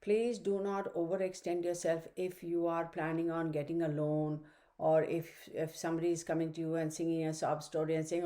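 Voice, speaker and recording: A woman talks through a weekly astrology forecast into her computer mic at home. She rambles with fillers and asides. Her voice sits a little low and sounds mellow. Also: level tone, normal speed. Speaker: astrology reader. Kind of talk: casual astrology forecast monologue. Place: home room with her dog. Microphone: computer microphone.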